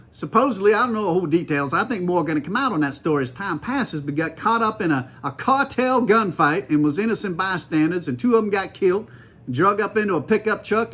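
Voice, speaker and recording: A man, hosting a faith talk show in a folksy, animated way, laughing often as he talks. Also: sits high. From United States. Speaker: podcast host. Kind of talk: casual faith commentary.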